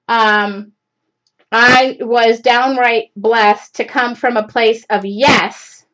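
A woman's voice: fairly high pitch, fairly bright tone. A woman in her forties hosting a live craft show, chatting casually and rambling with many fillers. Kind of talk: casual live-stream chat. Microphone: computer mic on a live stream. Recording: dull lo-fi live-stream audio.

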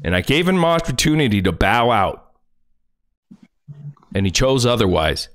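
A man on a livestream in a furious, profane rant, his pitch leaping up and down as he lashes out. He is confrontational and swears constantly, his voice sitting mid-range overall. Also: big pitch swings, normal speed.

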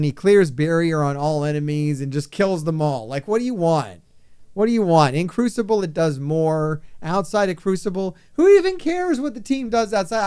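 A man delivers casual game commentary in a high, smooth voice. He swings into excited, exasperated rants. The sound is dry and close, with no room behind it. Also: no echo. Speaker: gaming YouTuber.

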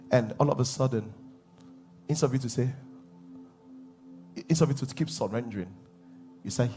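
A man preaching a sermon as pastor, animated, laughing and acting out voices. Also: medium pitch, brisk, pauses often, soft background music. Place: church hall.

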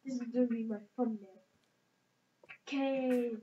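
A woman's voice: on the high side, fairly even intonation, unhurried, mellow, lo-fi sound. A woman hosting a gaming channel, chatting in a rambling, jokey way to her viewers while she plays. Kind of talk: casual let's-play commentary. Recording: echoey room with clear background noise.

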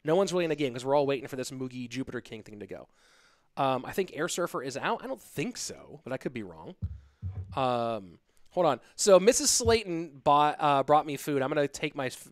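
A man's voice: mid-range voice, sing-song, fairly quick, dry recording, clean studio sound. A man hosting a live stream, rambling and joking casually as he talks straight to his viewers from his home setup. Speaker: stream host and caster.

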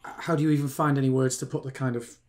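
A man's voice: mid-range voice, level tone, fast talker, a little mellow. A man, chatting casually as a podcast co-host, often restarting his sentences and asking his co-host questions. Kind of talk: casual chat.

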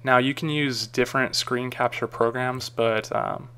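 A man talking through a screen-recorded software tutorial in a casual, rambling way with frequent ums and uhs. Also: medium pitch, steady tone, measured pace, clean tone. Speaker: tutorial maker.

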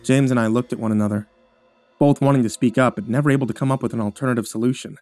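Male horror narrator, somber, measured, dry close mic, faint music bed. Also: medium pitch, steady tone, a little mellow, no echo. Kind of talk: scripted horror story narration.

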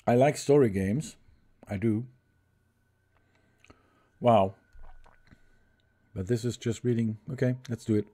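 Playing a story game on a live stream, this man reads the text aloud in a halting way, restarts lines, and talks with his viewers between passages. His voice is medium-pitched and mellow.

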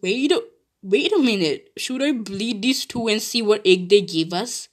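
A woman's voice: mid-range voice, measured pace. Giggly woman chatting through a game. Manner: giggly and excitable, breaks into laughter often; chatty, with frequent restarts and exclamations. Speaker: gaming video creator. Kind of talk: casual gameplay commentary.

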